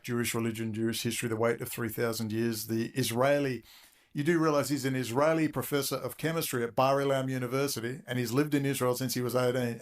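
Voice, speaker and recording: A man ranting angrily on a talk show, profane and exasperated, talking in rapid bursts. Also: medium pitch. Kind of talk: angry political rant.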